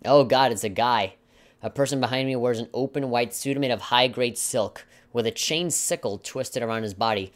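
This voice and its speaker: Man, let's play commentary, reading story text, sarcastic asides, mid pitch. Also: normal speed. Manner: sarcastic, mock-dramatic, chuckling asides. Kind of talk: reading game text aloud with joking commentary.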